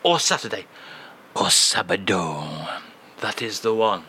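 A man voicing a suave middle-aged Frenchman with a French accent in a comedy radio sketch, drawling slowly with languid French phrases. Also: low-pitched, animated, sharp tone, slight background noise, pitched below the performer's own voice, heavily acted.

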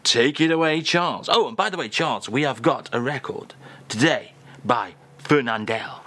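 A man's voice: mid-range voice, normal speed, sharp tone. A man hosting a comic radio chat in a jokey, mock-formal manner. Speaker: radio host.

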